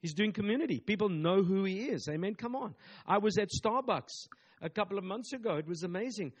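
Male pastor, fairly high voice, emphatic repetitive preaching style. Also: expressive, fairly quick, breathy edge. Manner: emphatic, repetitive preaching with call-and-response asides. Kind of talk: sermon.

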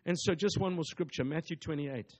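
Man, pastor, sermon, emphatic, repetitive, call-and-response, slightly high voice. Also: a little fast.

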